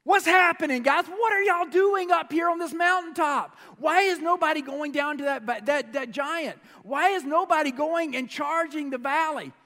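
A man's voice: moderate pace, few pauses, long reverb tail, heavily acted. A man voicing a bold, indignant teenage shepherd boy who raises his voice to challenge others. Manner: loud, raised pitch, shouting challenges.

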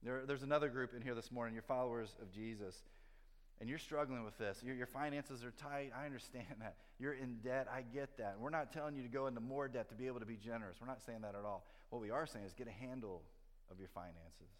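Male pastor, mid-pitched voice, sermon delivery moving between animated storytelling and quiet earnestness, long church reverb. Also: fast talker. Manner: storytelling, shifts from lively to hushed and earnest. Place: church sanctuary.

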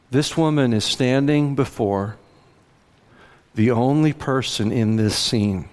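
A man's voice: mid-range voice, in a large hall. A middle-aged man preaching a sermon as pastor, speaking conversationally and acting out the voices in the story. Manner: conversational, animated quotes of biblical voices. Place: church sanctuary.

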